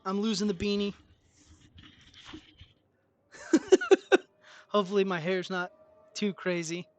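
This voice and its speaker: A man's voice: high-pitched, fairly quick. A man giving live, self-deprecating commentary to his viewers while streaming a video game. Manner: expressive, self-deprecating, talks to chat. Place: home room, indoors.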